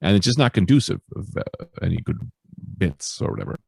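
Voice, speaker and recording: A male stand-up comedian telling stories in a casual interview, animated and swearing freely. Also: low-pitched, fairly quick, creaky, husky, no room sound, studio quality. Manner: animated storyteller, swears freely, acts out quoted voices. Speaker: stand-up comedian, podcast guest.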